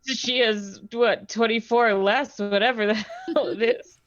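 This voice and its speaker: A woman's voice: on the high side, steady tone, unhurried, no echo. A woman playing in an online tabletop game, chatting in a wry, joking way. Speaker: player. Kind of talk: casual chat. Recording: dull lo-fi online audio.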